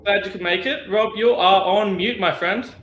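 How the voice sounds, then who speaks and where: A man's voice: high voice, moderate pace, fairly bright tone. Chatty man hosting, echoey room. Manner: chatty, friendly, many restarts. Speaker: host. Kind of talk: hosting a video-call rum tasting.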